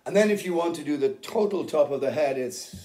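Speaking fairly quickly in a mellow, higher-leaning voice with lively intonation, a middle-aged metal vocalist rambles informally about how he sings, using lots of fillers. He's in a band rehearsal room, and the recording carries its roomy echo.

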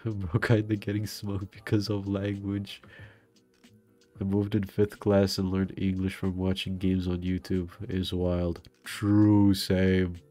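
A man's voice: low-pitched, monotone, slow pace, warm tone. A young man streaming games, chatting casually and swearing as he rants in frustration. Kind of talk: casual gaming stream chat. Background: faint background music.

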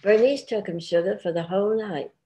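A woman's voice: mid-range voice, brisk, dark tone, pitched above the performer's own voice, natural voice. A woman reading the part of a chatty farm wife who coaxes and pleads in folksy dialect. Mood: coaxing. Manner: sweet-talking, pleading, folksy.

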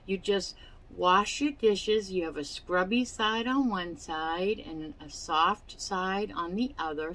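A woman's voice: fairly low pitch, a bit bright, low-quality recording. A woman hosting a casual crafting vlog at home, showing products in a chatty, rambling way, with fillers and hiccups. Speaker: crafting channel host. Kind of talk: casual product show-and-tell. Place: her home.

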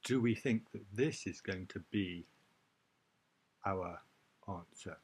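A man's voice: low voice, slow, darkish tone, husky. A male teacher giving an exam-prep reading lesson, who explains step by step and stresses key points. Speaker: IELTS teacher.

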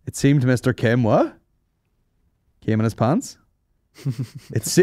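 Speaking slowly with frequent pauses, a man with a warm, mid-range voice hosts a comedy podcast, recorded close with no room sound. His banter is loose and rambling, full of swearing, and he laughs at his own jokes.

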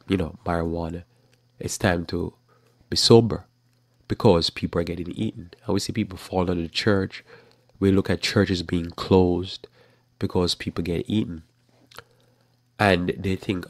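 A man's voice: deep voice, vocal fry, dry recording, clean studio sound. A man preaching a motivational sermon, emphatic and repetitive, often restarting his phrases.

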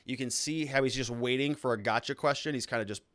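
A man's voice: mid-range voice, quick pace, a bit bright. A man hosting a show, giving casual legal commentary on courtroom testimony and explaining it step by step. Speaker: lawyer hosting a trial analysis show.

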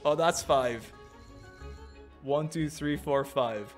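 A man's voice: mid-range voice, slow pace, pauses often, soft background music. A man giving casual, chatty commentary on his gameplay, joking and laughing often. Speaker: gaming streamer.

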